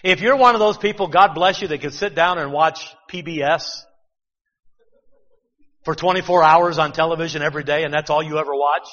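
Male preacher, chatty sermon delivery full of rhetorical questions, slightly high voice, muffled recording. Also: a little fast, sharp tone, in a large hall.

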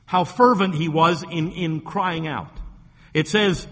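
A man's voice: fairly high pitch, slow pace, fairly bright tone, big-room sound. A man preaching a sermon as pastor, talking earnestly with repeated words and rising emphasis.

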